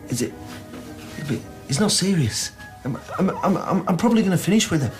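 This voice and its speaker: A man's voice: high-pitched, expressive, fairly quick, soft background music. A man playing a nervous young man who is caught lying, hesitant and stammering in a TV drama. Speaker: soap opera character. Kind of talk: TV drama acting.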